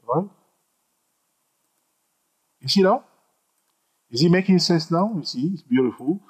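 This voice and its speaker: Animated husky man teaching chart patterns. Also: on the high side, unhurried, low-quality recording. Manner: animated, repeats himself, jokes with viewers. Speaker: trading instructor. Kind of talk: screen-recorded chart tutorial.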